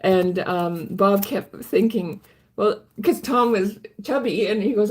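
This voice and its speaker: Woman vlogger, earnest storyteller, halting delivery, mid-pitched voice. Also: lively intonation, darkish tone. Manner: halting, earnest, many restarts. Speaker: vlogger recounting her life. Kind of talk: personal storytelling.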